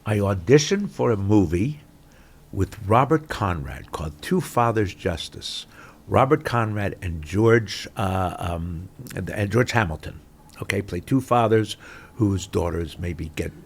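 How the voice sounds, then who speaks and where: An older man, an actor being interviewed, telling anecdotes in an expressive way, swinging between loud and soft. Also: low-pitched, measured pace, gravelly, a little hiss or hum. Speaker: actor, podcast guest. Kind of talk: animated anecdotal storytelling.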